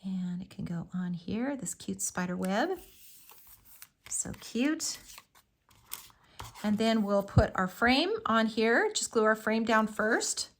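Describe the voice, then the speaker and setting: A woman's voice: mid-range voice, expressive, slow pace, long pauses, fairly bright tone. A woman hosting a live craft tutorial, talking through each step in a chatty, enthusiastic way with frequent fillers.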